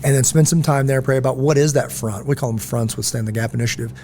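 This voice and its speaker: A man's voice: mid-range voice, fast talker, a little hiss or hum. A middle-aged man hosting a casual podcast conversation, telling stories and acting out quoted voices. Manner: storytelling, animated, acts out quotes. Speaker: podcast host.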